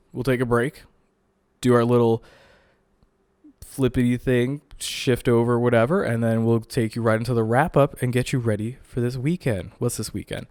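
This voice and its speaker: A young man hosts his own solo podcast from a home recording setup, his medium-pitched voice darkish in tone and the recording dry. Still tired and a bit winded after being ill, he chats casually and jokes, using lots of filler words.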